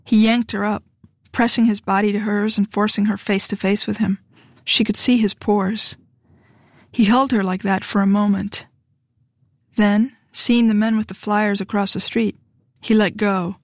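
A woman's voice: medium pitch, little pitch movement, moderate pace, no room sound. Woman reading narration, dry and close. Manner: reads dialogue with light character shifts. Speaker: audiobook narrator. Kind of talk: scripted narration.

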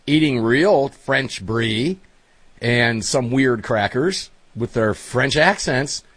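A man hosting a casual chat show, telling stories in a chatty, animated way. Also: mid-range voice, takes it slowly, slightly rough, dry recording. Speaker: host.

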